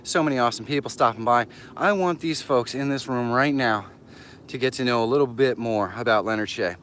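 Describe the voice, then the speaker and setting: An upbeat man hosts a live stream while walking outside, a little out of breath. He greets viewers by name with sudden upward jumps in pitch. His voice sits at an average pitch for a man. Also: fairly quick, a bit bright, a little hiss or hum. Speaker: livestream host. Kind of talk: casual live stream chat. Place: outdoors, walking.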